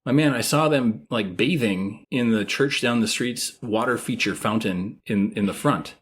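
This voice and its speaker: Man, thirties, casual podcast chat, lowish pitch, lively storyteller. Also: normal speed, slightly rough. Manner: animated storyteller, acts out quoted voices. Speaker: podcast co-host.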